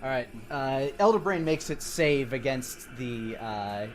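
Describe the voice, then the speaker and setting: Acting as dungeon master for a tabletop role-playing game, a man narrates scenes in a relaxed, descriptive style, adding playful sound-effect noises. His voice is mid-range and his pace measured.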